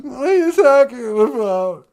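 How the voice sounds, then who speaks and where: A man's voice: very high-pitched, very animated, unhurried, a little mellow, exaggerated voice. A man voicing a melodramatic, weepy jailed man who pleads and whines through tears. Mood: defensive sobbing. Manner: sobbing, pleading, self-pitying.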